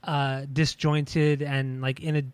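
A man's voice: fairly high pitch, level tone, slow pace, smooth, no echo. A man co-hosting a podcast, talking casually about music in a rambling way with many restarts. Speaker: podcast co-host. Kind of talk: casual chat.

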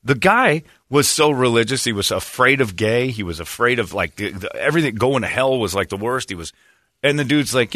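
A man hosting a podcast, telling a story comically and animatedly, jumping into high, mocking shouts. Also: animated, brisk, no room sound, studio quality. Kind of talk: comedic storytelling.

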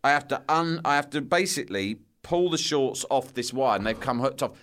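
Middle-aged man, animated comic storyteller, swears freely, mid-range voice. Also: mid-range voice, fairly quick. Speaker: guest telling a story.

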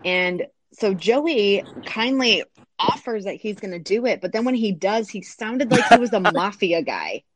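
A woman co-hosting a podcast, recapping an episode in relaxed casual chat, with many fillers. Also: mid-range voice, measured pace, a little hiss or hum. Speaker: podcast co-host.

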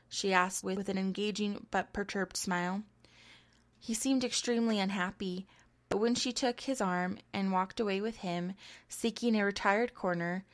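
Woman reading a story aloud. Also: medium pitch. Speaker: audiobook narrator. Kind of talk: scripted story narration.

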